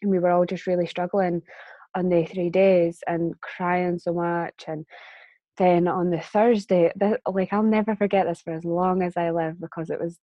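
A woman's voice: on the low side, steady tone, normal speed, no echo, muffled recording. A woman telling a personal story as a guest in a casual conversation, chatty and laughing often. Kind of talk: casual chat.

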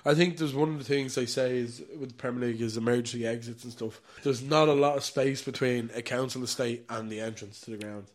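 A man's voice: medium pitch, fairly even intonation, fast, hardly any pauses. A young Irish man co-hosting a casual chat podcast, telling stories with frequent laughs and casual swearing. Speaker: podcast co-host.

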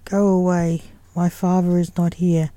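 A woman reading the lines of a calm, sly father who can read minds, in an even, flat way. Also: on the low side, a little slow, no room sound, natural voice. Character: calm, sly adult male mind-reader, father.

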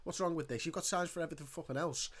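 Man, ranting storyteller, swears a lot, fairly high voice. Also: fairly even intonation, rapid-fire. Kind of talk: casual chat, storytelling.

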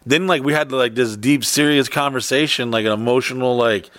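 A man's voice: mid-range voice, fairly bright tone, no room sound. Rambling, profane male storyteller. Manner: rambling, profane, quick bursts. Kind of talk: casual storytelling chat.

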